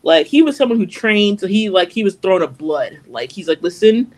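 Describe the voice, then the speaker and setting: A young woman co-hosts a casual anime podcast with a voice that leaps around in pitch. She retells scenes with plenty of energy and acts out the characters' lines as she goes. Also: brisk. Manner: animated retelling, acting out characters in quotes. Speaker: podcast co-host.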